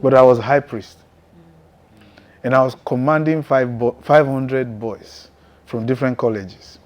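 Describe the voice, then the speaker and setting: A man preaching his testimony in a mid-range voice, neither high nor low. He talks with intense emphasis and punctuates his story with frequent chuckles. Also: steady tone, measured pace. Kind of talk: testimony sermon.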